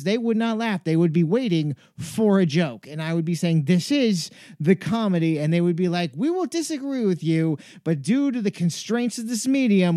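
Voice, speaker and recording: A man muses aloud in a wry, self-deprecating comic ramble, drifting from one tangent to the next. His voice sits a little high for a man but sounds mellow and soft-edged. The recording is close and dry, with no room sound. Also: no room sound. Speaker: podcast host. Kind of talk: rambling comedic monologue. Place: cold home garage. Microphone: earphones with mic.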